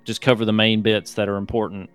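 A man's voice: lowish voice, level tone, fast talker, a bit bright, clean tone, faint music behind. A man narrating as game master in a tabletop game, rambling with lots of fillers.

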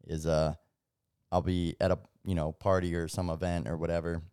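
This is a man from the East Coast, co-hosting a podcast in easygoing chat. His voice is deep and smooth, and the sound is dry and close. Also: little pitch movement, normal speed, mellow, no room sound. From American East Coast. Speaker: podcast co-host. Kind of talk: casual chat.

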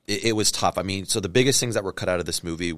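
A man from Canada, a film director being interviewed, telling stories in a lively way and acting out what people said. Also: low-pitched, rapid-fire, dry recording. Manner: animated storyteller, acts out quotes. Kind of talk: casual interview chat.

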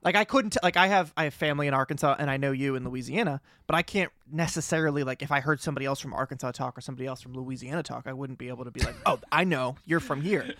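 A man's voice: mid-range voice, rapid-fire, hardly any pauses, a bit bright, dry recording, studio quality. A man with a Boston accent co-hosting a podcast in casual chat, rambling and self-deprecating, with many restarts. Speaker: podcast co-host.

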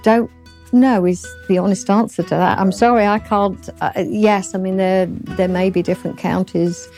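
A woman's voice: mid-range voice, fairly even intonation, normal speed, soft background music. A middle-aged woman from London with a southern English accent, a guest speaking politely and hesitantly in a casual interview. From southern England, London. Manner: soft-spoken, polite, hesitant. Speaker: author and guest.

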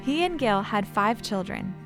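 A woman reading scripted documentary narration in an even, measured way. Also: medium pitch, music in the background.

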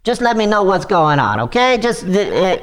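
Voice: mid-range voice, big pitch swings, moderate pace, fairly bright tone. A performer playing a shady male scam caller posing as a general, pushy and switching fake accents in a comedy prank-call sketch.

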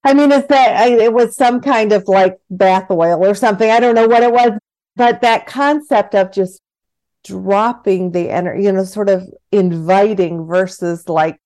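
A woman's voice: mid-range voice, moderate pace, a little mellow. A woman hosting a podcast interview, thinking aloud and searching for her words. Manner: thoughtful, searching for words with restarts. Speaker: podcast host.

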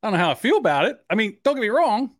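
Lively, joking man on a podcast. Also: high-pitched, rapid-fire, no echo, clean studio sound. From Irish. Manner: jokey, laughs often, slips into mocking voices. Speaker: podcast co-host. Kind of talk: casual podcast banter.

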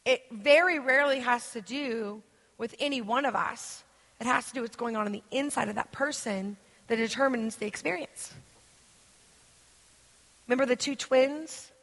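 A woman's voice: fairly high pitch, a bit bright. A woman from the United States giving an interactive sermon as a guest minister. She tells stories in a chatty, rambling way, full of fillers. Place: church hall. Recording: long church hall reverb.

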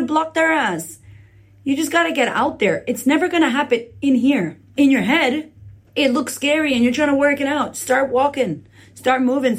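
A woman podcast host giving a blunt, profane motivational talk, recorded indoors on a phone leaning on a laptop. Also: fairly high pitch. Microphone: phone camera leaning on a laptop.

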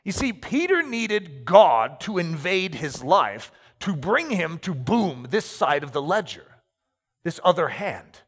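A pastor giving an animated sermon, telling stories with acted-out asides. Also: male voice, a little high. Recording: reverberant hall.

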